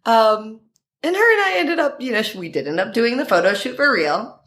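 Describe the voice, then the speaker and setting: Female podcast guest, casual storyteller, very animated pitch, laughs a lot. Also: fairly quick. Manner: animated, laughing often, quoting herself in higher voices.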